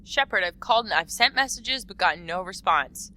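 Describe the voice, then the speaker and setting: A woman voicing an ailing male alien assassin in a formal, measured way. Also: mid-range voice, expressive, pushed and bright, voice pushed up, poor audio. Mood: earnest.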